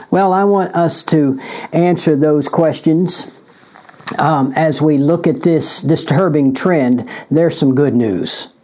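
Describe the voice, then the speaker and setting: A man, a pastor giving a bible teaching in a deliberate, emphatic way that repeats key words. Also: on the high side, mellow. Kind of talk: sermon-style bible teaching.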